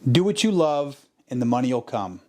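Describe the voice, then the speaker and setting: A man's voice: mid-range voice, very animated, moderate pace, a little mellow. A man hosting a podcast in a motivational monologue, emphatic and profane, driving points home by repeating himself. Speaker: podcast host.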